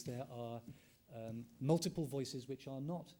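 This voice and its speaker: A middle-aged man, an ethnomusicologist, giving a measured conference lecture, thinking aloud and restating his phrases with frequent ums. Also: mid-range voice, dark tone.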